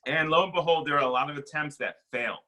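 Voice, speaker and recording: A young adult man giving a casual, conversational sermon as a pastor, acting out quick bits of dialogue. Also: a little high, pushed and bright, poor audio.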